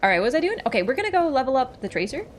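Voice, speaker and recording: A woman's voice: high-pitched, big pitch swings, rapid-fire, a little hiss or hum. A woman who chats casually while playing a game on stream. She laughs often and answers her viewers as she goes. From Canada. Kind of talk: casual gaming livestream chat.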